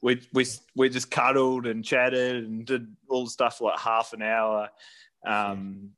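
A man's voice: medium pitch, little pitch movement, measured pace, fairly bright tone. A man in his thirties from New Zealand, casually telling a travel story with lots of fillers and restarts.

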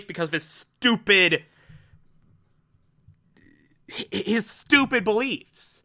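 A man casually reviewing a cartoon episode, animated and emphatic, with mocking asides. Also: a little high.

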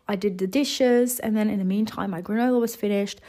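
A 28-year-old woman from the Netherlands, giving a casual motivational monologue with chatty, animated storytelling. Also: medium pitch, normal speed. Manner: chatty, animated storytelling with lots of "you know" and "like". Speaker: wellness vlogger.

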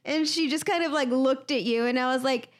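An American woman co-hosts a relaxed podcast chat in a high voice. She is animated and giggly, often laughing as she retells what happened. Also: fairly quick. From United States. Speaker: podcast co-host. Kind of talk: casual chat.

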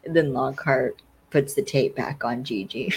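In a rough recording, a medium-pitched voice with a breathy edge takes its time. It belongs to a podcast host casually recapping a TV episode, wandering off track, leaning heavily on "like" and other fillers, and performing characters' quotes.

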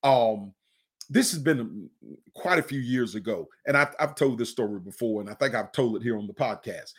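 A middle-aged man preaching in a podcast, earnest, often repeating and restarting phrases and slowing down to stress a point. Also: mid-range voice, lively intonation, breathy edge. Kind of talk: conversational podcast sermon.

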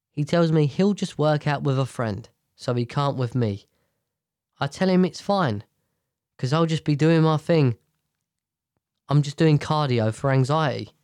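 A man's voice: fairly high pitch, darkish tone, clear, resonant tone, no room sound, clean studio sound. Blunt, cursing man reading posts. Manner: blunt, profane, jokey asides. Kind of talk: reading posts aloud and reacting.

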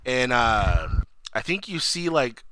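A man in casual chat, excitedly recapping a TV episode, swearing a lot and acting out the characters' lines. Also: mid-range voice, slow, noisy background.

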